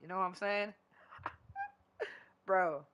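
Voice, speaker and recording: A man's voice: sits high, very slow, sharp tone, a little hiss or hum. A man chatting casually while streaming a video game, rambling loosely and swearing constantly. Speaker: gaming streamer. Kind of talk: casual chat while gaming.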